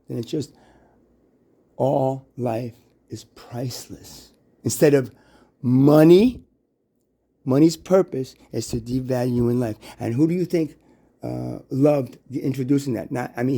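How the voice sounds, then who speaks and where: Gravelly, husky male voice with a dark tone, rambling and preachy, full of restarts and rhetorical questions. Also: medium pitch. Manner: halting, restarts and stammers.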